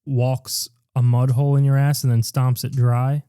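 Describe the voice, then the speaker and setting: A man's voice: medium pitch, little pitch movement, moderate pace, mellow, smooth, no echo, studio quality. A man co-hosting a podcast, recapping a movie plot in casual chat and cracking jokes. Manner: jokey, recaps the plot, does silly voices. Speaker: podcast co-host.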